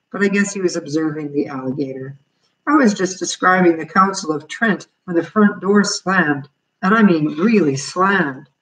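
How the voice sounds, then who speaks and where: A woman reading a children's novel aloud as a storyteller, in steady, plain narration. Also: deep voice, poor audio.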